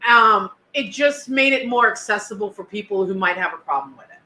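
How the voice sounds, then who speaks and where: Earnest woman co-host, bright voice, echoey room, keeps asking you know what i mean. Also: mid-range voice, lively intonation, brisk. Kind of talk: casual chat.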